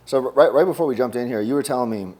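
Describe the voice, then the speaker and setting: A man hosting a casual interview, relaxed and agreeable, backing the guest up with quick "yeah, yeah"s. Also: mid-range voice. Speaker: host.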